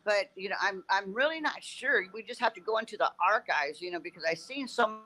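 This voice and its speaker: A woman guest in a casual podcast chat, talking haltingly and filling every pause with "you know", heard over a video call. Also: medium pitch, lively intonation, bright, forceful tone, rough recording.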